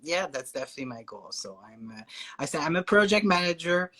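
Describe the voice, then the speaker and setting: A man with a French Canadian accent, chatting as a guest in a casual conversation, hesitant with fillers and quick to laugh. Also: on the high side, expressive, fairly bright tone.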